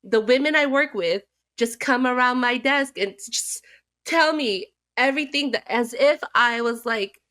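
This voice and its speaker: A woman co-hosting a casual podcast, chatty and quick to agree. Her voice sits a little higher than most. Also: fairly bright tone. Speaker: podcast co-host. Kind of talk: casual chat.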